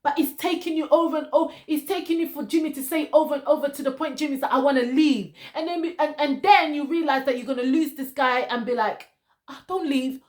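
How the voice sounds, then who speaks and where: A woman's voice: sits high, fast, few pauses, darkish tone. A woman reviewing a reality dating show, lecturing one cast member directly and repeating her points for emphasis.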